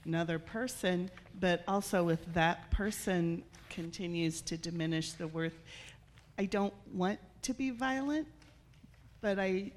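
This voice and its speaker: A woman from the congregation who speaks hesitantly and sounds torn, pausing on many fillers. Her voice sits somewhat low. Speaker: congregation member.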